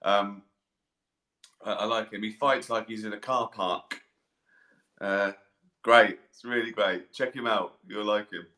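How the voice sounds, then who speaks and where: A man's voice: lowish voice, steady tone, measured pace, long pauses, pushed and bright. A middle-aged man chatting casually on a live stream, rambling, swearing freely and poking fun at himself. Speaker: comedian answering fan questions. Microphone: webcam or phone mic. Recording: echoey room.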